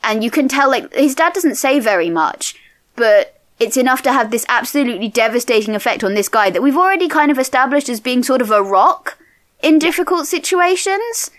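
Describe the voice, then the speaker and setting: A woman co-hosts a book podcast in a playful, animated chat. Her pitch swings widely and sits a little high. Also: brisk. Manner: animated, playful, acts out characters. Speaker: podcast co-host. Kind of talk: casual book discussion.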